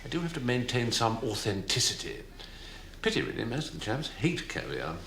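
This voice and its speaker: An actor playing a sardonic officer posing as a camp commandant, dry and arch in a TV drama. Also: male voice, mid-range voice, big pitch swings, brisk, fairly bright tone. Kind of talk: 1990s TV drama acting. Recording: echoey room, faint noise.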